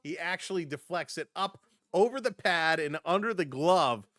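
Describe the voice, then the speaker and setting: A man's voice: on the high side, expressive, moderate pace, fairly bright tone, no room sound. A man hosting a live hockey stream, mixing casual play-by-play with laughing chat to viewers. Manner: chatty, laughs often, jumps between plays and viewer chat.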